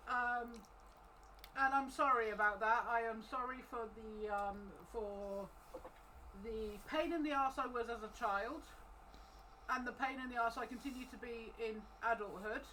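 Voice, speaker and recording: A woman voicing an earnest, apologetic cleric who pleads with a temple crowd in a halting, hesitant way. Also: on the high side, bright, forceful tone, distant mic, a little hiss or hum, poor audio.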